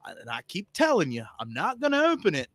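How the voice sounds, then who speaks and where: Man, podcast co-host; bright, forceful tone; blunt, stammering chat; dry mic. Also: sits high, huge pitch swings, quick pace, no echo. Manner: blunt, profane, stammering restarts. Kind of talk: casual chat.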